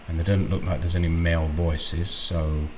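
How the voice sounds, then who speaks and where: A man hosting a screen-recorded software walkthrough, unhurried and thinking aloud with frequent ums. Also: low voice, little pitch movement, slight background noise. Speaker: tutorial host.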